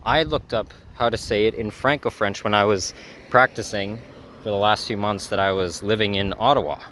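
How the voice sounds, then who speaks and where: Male vlogger, lowish voice, chatty and rambling, light outdoor noise. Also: a bit bright. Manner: rambling, self-correcting, many fillers. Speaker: travel vlogger. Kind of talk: casual rambling vlog talk.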